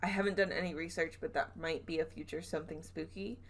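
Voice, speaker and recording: Giggling and self-correcting, the young Southern US podcast host tells a ghost story in casual chat, often trailing off mid-thought. Her voice sits low and moves at a quick pace with fairly even intonation, over a little hiss or hum.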